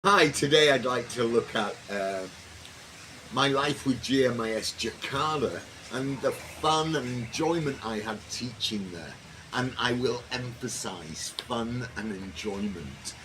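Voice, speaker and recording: A man and former teacher reminiscing about his teaching years in a relaxed, anecdotal way. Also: mid-range voice, unhurried. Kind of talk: reminiscing monologue. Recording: noisy background.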